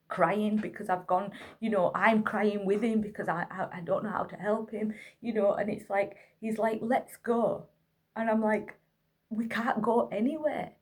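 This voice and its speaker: A woman, a single mother, candidly and wearily telling a hard night with her autistic son to camera, worn out and near tears. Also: mid-range voice. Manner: candid, weary, tearful retelling. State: exhausted. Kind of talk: emotional personal vlog, talking to camera.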